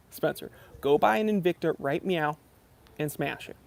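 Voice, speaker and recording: A man hosting a casual live-stream Q&A, reading viewer comments and joking around in an animated way. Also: fairly high pitch, a little slow, creaky. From Los Angeles area. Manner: joking, animated, self-deprecating banter. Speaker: YouTube channel host doing a live stream Q&A.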